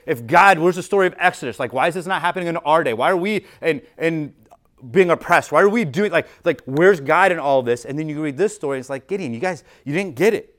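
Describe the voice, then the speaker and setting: A man preaching a sermon at church in a conversational, animated way, reading scripture and explaining it with everyday examples. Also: on the high side. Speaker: pastor.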